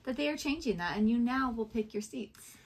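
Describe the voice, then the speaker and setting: A woman's voice: a little high, expressive, brisk. A woman co-hosting a reaction video, chiming in with short agreements in casual chat. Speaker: reaction channel co-host.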